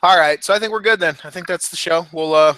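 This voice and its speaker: A young man co-hosting a podcast in casual, animated chat, swearing and laughing often. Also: on the high side, fast. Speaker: podcast co-host.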